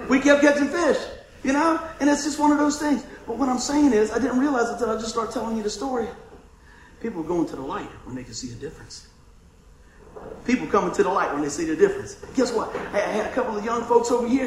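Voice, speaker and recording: A middle-aged man, preaching an informal sermon full of folksy stories, laughing and shouting in bursts. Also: sits high, recorded from a distance, slight background noise. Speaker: pastor. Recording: echoey room with faint ambience.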